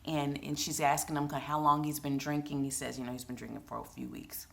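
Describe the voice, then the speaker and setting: A woman casually chatting through a TV episode recap, retelling scenes in an emotional, animated way with lots of fillers. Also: low-pitched, fast talker, gravelly. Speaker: TV recap vlogger.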